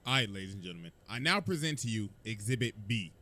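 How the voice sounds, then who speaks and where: A man hosting a reaction video, recapping a cartoon with excitable storytelling and bursts of shouting. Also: fairly low pitch, fast talker, heavy background noise. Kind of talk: animated reaction commentary.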